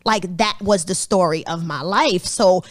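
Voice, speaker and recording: A woman's voice: fairly low pitch, a little slow, no room sound. A woman in her thirties, a therapist co-hosting a podcast, talking candidly and animatedly with some swearing. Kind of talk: casual podcast conversation.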